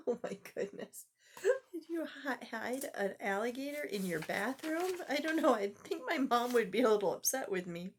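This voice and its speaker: An older woman reading a picture book to children, with animated, exclaiming asides to the listener. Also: a little high, normal speed, a little hiss or hum. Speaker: storyteller grandmother.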